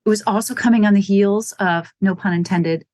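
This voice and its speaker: A woman who owns a running shoe store in Wisconsin, United States, chats casually as an interview guest, telling stories, acting out quotes and laughing often. Her mid-range voice is brisk and a little dark in tone, with no echo.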